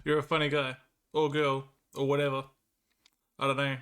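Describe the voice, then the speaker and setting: A man's voice: medium pitch, completely flat delivery, moderate pace, a bit bright, clear, resonant tone. A young Australian man with a Victorian accent chatting casually with viewers on a live stream, laughing often and sounding bemused. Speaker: livestreamer.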